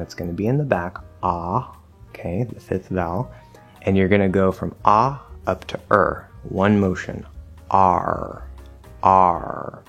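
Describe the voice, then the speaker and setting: A man teaching English pronunciation, patiently explaining spelling patterns and repeating example sounds slowly. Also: deep voice. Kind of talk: explanatory lesson.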